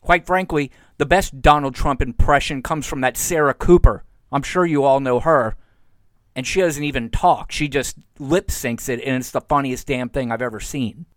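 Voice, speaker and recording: A man's voice: medium pitch, moderate pace, dry recording. A man from Florida hosting a solo political podcast from home, sarcastic and getting worked up as he goes. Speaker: podcast host. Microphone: home recording mic.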